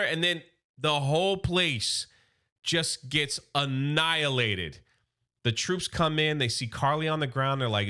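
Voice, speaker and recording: A man's voice: fairly high pitch, a little slow, sharp tone. A man doing a casual, enthusiastic comic book recap, loosely acting out the characters' quotes.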